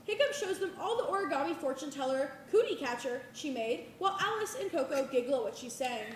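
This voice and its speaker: A woman's voice: sits high, lively intonation, brisk, a little hiss or hum. Woman reading stage directions. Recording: live reading in an echoey hall.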